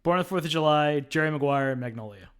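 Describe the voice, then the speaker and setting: A man's voice: on the high side, animated, fast, clear, resonant tone. A man co-hosting a film review podcast, casually retelling movie scenes with lots of "uh" and "um". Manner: retells scenes with frequent fillers. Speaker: podcast co-host.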